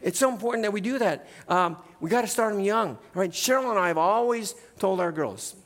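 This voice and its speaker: A middle-aged male pastor preaching in a church, in a relaxed conversational way, often tagging "right?" onto his points. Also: high voice, fairly quick, in a large hall. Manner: conversational, keeps adding "right?". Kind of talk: sermon. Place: church sanctuary.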